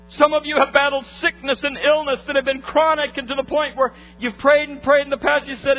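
A man preaching a sermon, retelling a family story and acting out its voices, moving from hushed tones to fervent appeals. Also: very high-pitched, little pitch movement, fairly quick. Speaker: pastor. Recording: muffled lo-fi recording with faint hum.

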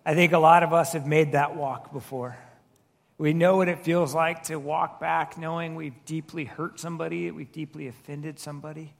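High, gravelly-voiced pastor preaching. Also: male voice, level tone, normal speed. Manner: conversational, with repeated restarts and rhetorical questions. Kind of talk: sermon.

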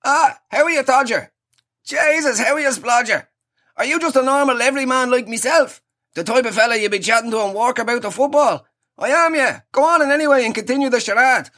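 A man's voice: very high-pitched, fairly quick, pitched above the performer's own voice. A man putting on a chummy radio-ad everyman bloke. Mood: over-chummy. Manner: over-chummy, loud, slangy.

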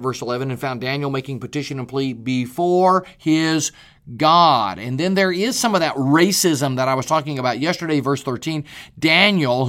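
A man's voice: fairly high pitch, a bit bright. An older man, a preacher, giving an earnest daily Bible reading talk and stressing key phrases.

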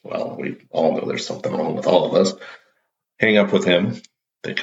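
A man's voice: deep voice, moderate pace, creaky. A man hosting his own show, telling a playful story in a casual, upbeat monologue. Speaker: show host. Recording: roomy, dull lo-fi audio.

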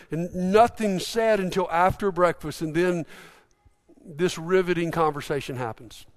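A man preaching a sermon, retelling scripture as a story and acting out the quoted lines, swinging from loud to hushed. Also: high voice, in a large hall.

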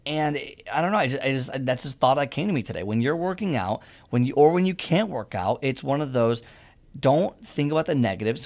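A man's voice: mid-range voice, vocal fry, a little mellow. Earnest rambling man giving fitness advice. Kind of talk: casual motivational monologue.

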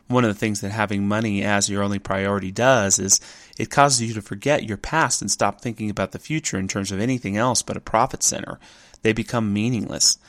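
A man's voice: fairly low pitch, a bit bright, no room sound, clean studio sound. A man giving a reflective spoken essay, thoughtful and contemplative, who often poses rhetorical questions.

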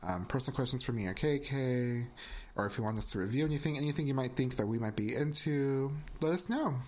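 A woman co-hosting a casual chat podcast, animated, laughing often and swearing freely. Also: a bass voice, fast talker. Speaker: podcast co-host.

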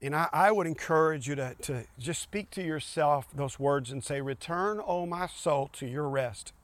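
A man preaching a streamed sermon in an earnest, repetitive way, with frequent small restarts. His voice sits a bit higher than most men's. The sound is close and dry, with no room echo. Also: moderate pace. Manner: earnest, repeats key phrases, restarts often. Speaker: pastor.

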